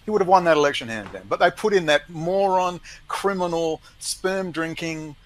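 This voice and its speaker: Brief: emphatic male ranter, slightly high voice, scornful, heated chat. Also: normal speed, low-quality recording. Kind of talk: heated conversational rant.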